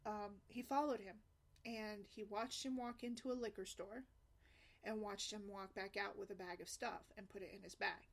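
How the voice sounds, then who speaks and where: A woman's voice: mid-range voice, fairly even intonation, normal speed, gravelly. Woman vlogging, earnest and chatty, keeps checking in with "right?". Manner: earnest, conversational, often adds "right?" and "you know". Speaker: single mom blogger. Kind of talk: casual vlog talk.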